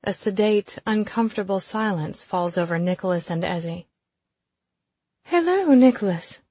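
A woman reading a first-person audiobook in an even, intimate storytelling voice. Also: fairly low pitch, moderate pace, husky, no room sound, muffled recording. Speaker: audiobook narrator.

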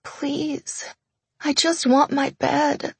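Woman doing an injured young wife, high breathy whisper, hoarse, quiet, near tears, dry close sound. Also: completely flat delivery, drawn-out words, no room sound, exaggerated voice. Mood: pleading. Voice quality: breathy, croaking. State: hoarse, whispering through pain.

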